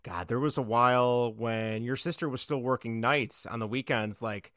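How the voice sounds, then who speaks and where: A man co-hosting a sports podcast in casual chat, talkative and quick to laugh. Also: mid-range voice, steady tone, fairly bright tone, dry recording, studio quality. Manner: chatty, laughs easily, restarts often. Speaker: podcast co-host.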